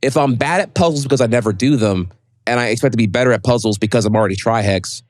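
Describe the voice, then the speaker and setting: A man as a guest on a podcast, telling animated stories in casual chat and swearing freely. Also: medium pitch, no room sound. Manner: fast, animated storytelling with lots of swearing.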